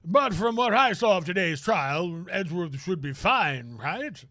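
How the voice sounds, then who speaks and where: A man's voice: sits high, sing-song, measured pace, pushed and bright, no echo, pitched above the performer's own voice, heavily acted. A man voicing a pompous elderly male lawyer who rambles wistfully.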